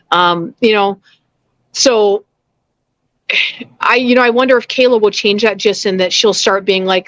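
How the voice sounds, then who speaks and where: A woman in her thirties, a professional fighter, chatting casually as an interview guest and acting out quotes in lively storytelling. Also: a little high, moderate pace, no echo. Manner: animated storyteller who acts out quotes.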